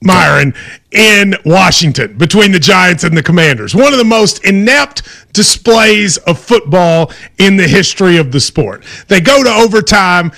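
A man's voice: high-pitched, animated, normal speed, creaky, pushed and bright. A man hosting a sports radio show, chatting casually and teasing his co-host. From Kentucky. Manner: joking, teasing.

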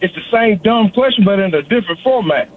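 Male caller, high voice, phone-line audio, rapid repetitive rant. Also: expressive. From South Carolina. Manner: fast-talking, repetitive, addresses host by name constantly. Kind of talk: sports call-in rant.

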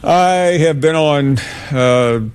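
A man hosts a sports call-in show at an unhurried pace. He answers callers thoughtfully, with small hesitations and fillers between points. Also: on the high side, a little mellow, clean tone. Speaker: sports radio host. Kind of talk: sports talk radio.

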